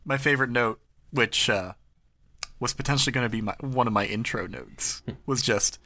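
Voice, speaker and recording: A man's voice: medium pitch, moderate pace, pushed and bright, no room sound. A man co-hosting a podcast, chatting in a wry, jokey way. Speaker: podcast co-host. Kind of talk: casual chat.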